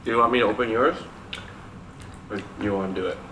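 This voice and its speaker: Lowish in pitch but bright and forceful, a man talks fast with fairly even intonation while co-hosting a mukbang channel from home. Eating at the dinner table, he chats casually, giggles and rambles, saying "like" a lot, in an echoey room with background noise.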